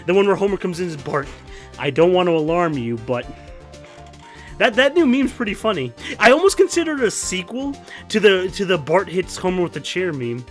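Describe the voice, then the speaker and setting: Casting: lively let's-play guy from New York, goofy, jokey, slightly high voice, music underneath. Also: a little fast. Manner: goofy, joking, laughs a lot. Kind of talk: casual gameplay commentary.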